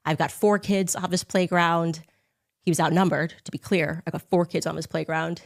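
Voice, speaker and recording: A woman's voice: on the low side, normal speed. Sarcastic woman telling a story. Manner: sarcastic, animated storytelling with laughs. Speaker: podcast host. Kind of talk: storytelling monologue.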